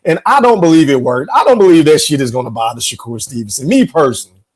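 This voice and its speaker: A man's voice: a little high, animated, fast, slightly rough. A man hosting a podcast, giving casual, opinionated and profane commentary as he reacts to clips and talks straight to his viewers. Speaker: podcast host.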